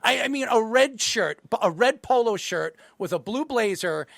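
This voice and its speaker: Playful male host, high and animated, close dry sound. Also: moderate pace, creaky, dry recording. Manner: teasing, playful banter. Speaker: podcast host. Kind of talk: casual chat.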